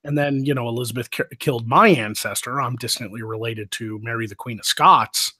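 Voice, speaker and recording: Man, live stream host, husky voice, casual rambling chat, swears freely. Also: mid-range voice, a little fast, sharp tone. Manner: loose, profane storytelling with frequent laughs.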